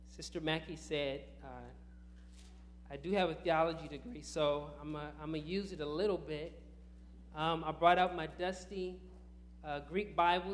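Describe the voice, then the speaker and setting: A man's voice: a little high, fairly bright tone, a little hiss or hum. A man preaching a sermon in church, talking casually and then rising into emphatic bursts.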